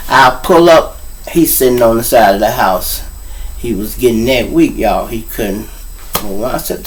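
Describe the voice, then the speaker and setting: A man with a Chicago accent tells hard street stories in a rambling, profane monologue, turning to his listeners again and again. His voice sits at a middle pitch. He is a little distant from the mic, with a faint hiss of noise behind him. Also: animated, unhurried. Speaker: host.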